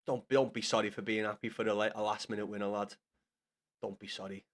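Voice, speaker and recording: A young man chatting casually with viewers on a live gaming stream, swearing often and bantering loudly with chat. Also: on the low side, little pitch movement, quick pace.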